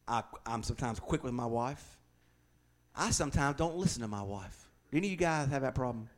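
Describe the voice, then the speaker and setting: Here a middle-aged male pastor preaches in a chatty style, mixing humor with abrupt, loud stresses as he presses his arguments forcefully. His mid-range voice is animated and his pace brisk.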